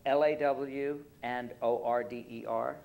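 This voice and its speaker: A man's voice: mid-range voice, fairly even intonation, measured pace, creaky, crowd noise, low-quality recording. A man from Brooklyn with a faint New York accent, a panel guest telling stories casually, rambling with many fillers and restarts. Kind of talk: convention panel Q&A, casual storytelling.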